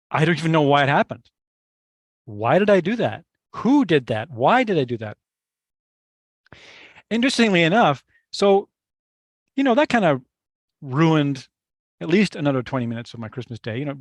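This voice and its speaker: A middle-aged male meditation teacher recounts a story from his own life. His voice sits a little high for a man and sounds dry and close. He speaks reflectively and haltingly, restarting phrases and turning to his listeners with asides. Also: very animated, no room sound. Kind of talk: personal storytelling in a workshop talk.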